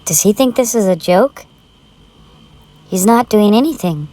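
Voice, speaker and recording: A woman's voice: mid-range voice, lively intonation, a little slow, long pauses, warm tone. A woman narrating a true scary story in the first person, with a tense, urgent delivery.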